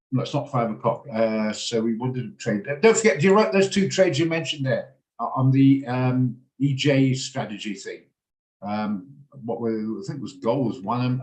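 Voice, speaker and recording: A man's voice: medium pitch, a little mellow. Chatty blunt man in an echoey room. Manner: chatty, blunt, rambles off topic. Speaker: trading room host. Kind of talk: casual chat in an online trading session. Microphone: video call. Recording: roomy echo on a video call.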